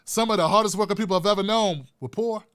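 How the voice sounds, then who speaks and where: With a high-pitched, clear and resonant voice that is a bit bright, a man hosts his own show at a quick pace. He gives passionate political commentary, talking casually and directly to viewers, often repeating and restarting phrases to emphasize them.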